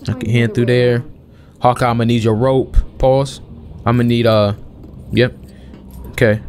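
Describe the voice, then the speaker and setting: A young man giving casual let's-play commentary as a gaming channel host, chatting and questioning the game out loud. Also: medium pitch, level tone, a little slow, slight background noise. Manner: chatty, questions the game aloud, calls everyone bro.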